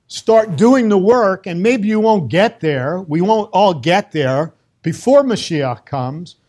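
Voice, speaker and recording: A middle-aged Brooklyn man with a New York accent gives an emphatic, conversational religious lecture on Torah, mixing in Hebrew terms. He is a Torah teacher whose voice has a fairly high pitch and a darkish tone.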